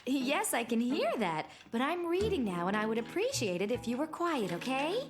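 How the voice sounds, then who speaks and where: A voice actress playing a young mother, patient and gently firm with her child. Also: high voice, sing-song, moderate pace, loud music behind the voice. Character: warm, calm young mother. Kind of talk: cartoon voice acting.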